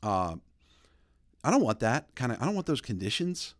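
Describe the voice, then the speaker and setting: A man in his thirties hosting a podcast, telling stories in a rambling, animated way. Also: medium pitch, normal speed, no echo, clean studio sound. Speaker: podcast host. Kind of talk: casual opinion talk.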